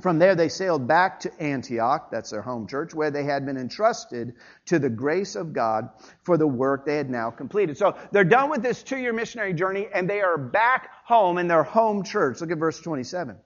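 Lively high-voiced man preaching. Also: moderate pace, lo-fi sound. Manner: conversational preaching with folksy asides. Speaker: pastor. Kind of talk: sermon. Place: church.

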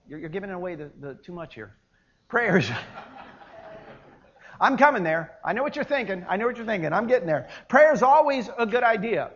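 A male pastor delivering a sermon in an animated, emphatic way, with playful asides and repeated key words. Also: high-pitched, a little fast, dull audio.

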